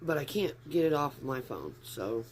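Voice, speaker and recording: A man's voice: mid-range voice, expressive, normal speed, slight background noise. A man chatting casually on a live stream from his phone at home, rambling and easily sidetracked. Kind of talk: casual livestream chat. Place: upstairs room at home.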